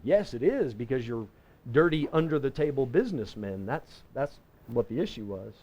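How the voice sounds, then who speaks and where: A man teaching a Bible lesson in a folksy, conversational way, slowing down to read scripture verses. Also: mid-range voice, big pitch swings, darkish tone, dull audio. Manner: folksy and conversational, reading scripture slowly and deliberately; self-correcting with frequent restarts. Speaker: pastor teaching a Bible class.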